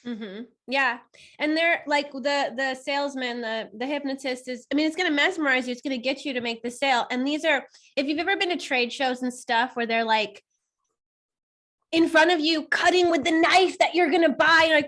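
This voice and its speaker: A woman with a high, bright voice talking casually on a podcast. She is animated, laughs a lot and swears in passing. She acts out quoted lines with shifting tone. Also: normal speed. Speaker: co-host.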